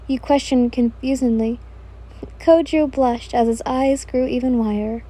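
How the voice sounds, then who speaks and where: A woman narrating a second-person romance story in gentle, measured tones. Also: sits high, fairly even intonation. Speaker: fan fiction narrator.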